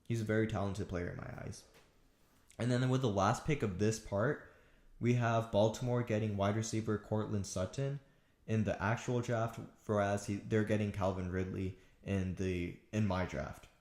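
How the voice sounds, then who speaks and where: A man's voice: lowish voice, steady tone, moderate pace, a little mellow, reverberant. A man talking through football draft picks alone, casual and thinking aloud with frequent restarts. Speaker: sports commentator. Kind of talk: solo draft analysis talk.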